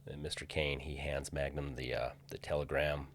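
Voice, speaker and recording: A man's voice: extremely low pitch, steady tone, normal speed, few pauses, slight background noise. A man casually walking through filming locations on screen, hesitant with many fillers and restarts. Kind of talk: casual screen-share walkthrough.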